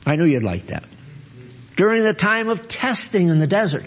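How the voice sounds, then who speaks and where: A man's voice: sits high, sing-song, normal speed. A man preaching a sermon and teaching from the Bible, often asking his listeners questions. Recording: dull lo-fi recording.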